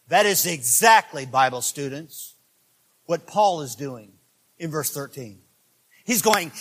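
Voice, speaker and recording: A man preaching a sermon as pastor, animated, joking with the congregation and shouting with excitement. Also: fairly high pitch, takes it slowly, long pauses.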